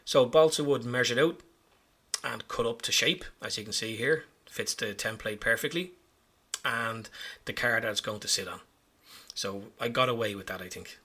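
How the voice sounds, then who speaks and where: A man with a very bright, forceful tone and a husky edge narrates his own hobby work. He rambles along casually and pokes fun at his own mistakes. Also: mid-range voice, normal speed. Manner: chatty, self-mocking, rambling. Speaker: hobby vlogger.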